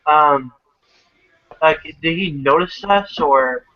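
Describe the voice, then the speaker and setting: A man playing a tabletop game, asking slow, hesitant questions. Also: on the high side. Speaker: player. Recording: dull lo-fi recording.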